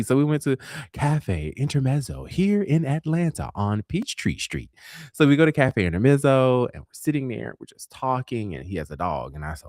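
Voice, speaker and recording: With a mid-range voice and a fairly quick pace, a male host in his forties animatedly recounts dating stories on his talk show, performing the dialogue sassily. The clean studio sound has no room sound.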